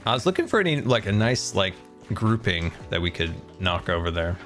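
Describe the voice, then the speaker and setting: A man in his thirties chatting casually with viewers on a live game stream, laughing often and talking in an animated way. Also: low-pitched, a little fast, soft background music.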